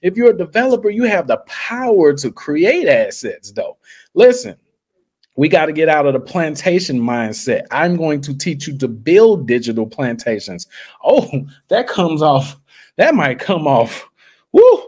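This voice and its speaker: A man's voice: fairly high pitch, big pitch swings, normal speed, darkish tone, slightly rough. A man hosting a live screen-share tutorial, hyping his method with slangy patter and talking straight to his viewers. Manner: hyped, slangy salesman patter; talks straight to viewers, often says "guys". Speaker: livestream host.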